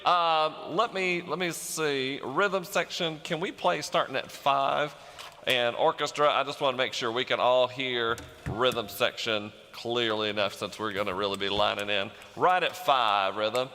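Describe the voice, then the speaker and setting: A man's voice: mid-range voice, measured pace, sharp tone, a little hiss or hum. A man leading an orchestra rehearsal, upbeat, scatting rhythms and counting the players in. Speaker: music director leading rehearsal. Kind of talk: rehearsal instructions. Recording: long hall reverb, faint music behind.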